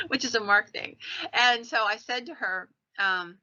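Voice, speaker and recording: Woman podcaster spinning a ghost story, really bright sharp voice, dry dull sound. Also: on the high side, a little slow, no echo. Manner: animated, digressive storyteller. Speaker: podcast host.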